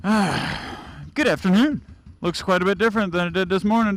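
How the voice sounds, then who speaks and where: A man's voice: high voice, normal speed. A young man in his twenties riding a motorcycle through city traffic, chatting casually, laughing and swearing at other drivers, recorded on a helmet mic. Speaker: motovlogger. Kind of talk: casual motovlog commentary while riding. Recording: loud motorcycle engine and wind noise. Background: loud engine and traffic noise.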